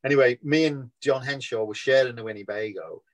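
Older Scouse man, mid-pitched, rambling anecdotal interview talk on a video call. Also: fairly quick. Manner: rambling storyteller, acts out quoted voices. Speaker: actor being interviewed. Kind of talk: casual anecdotal chat.

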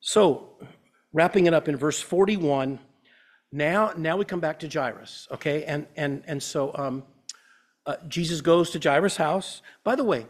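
Earnest pastor with a higher voice. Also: male voice, unhurried. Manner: earnest, conversational, personal storytelling. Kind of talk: sermon. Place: church.

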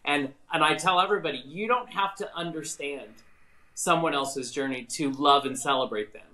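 A man hosting a podcast interview, talking in an effusive, quick way with frequent laughter. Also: on the high side, pushed and bright, reverberant, rough recording. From US Northwest. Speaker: podcast host. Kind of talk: casual interview chat.

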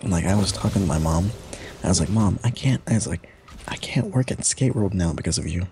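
A man chatting casually while playing a game with a friend, teasing with deadpan dark humor. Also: low voice, a little fast, vocal fry. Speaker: co-player. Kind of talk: casual gaming chat.

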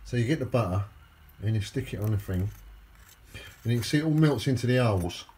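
A man's voice: medium pitch, animated, a little fast, darkish tone. Chatty man vlogging at home. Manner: chatty, rambling, cheeky. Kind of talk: casual food vlog.

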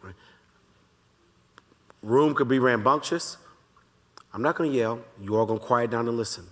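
A pastor teaching a Bible study in a relaxed, conversational way, talking straight to the congregation and slowly repeating his key lines. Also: medium pitch. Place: church sanctuary. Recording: long reverb of a large church hall.

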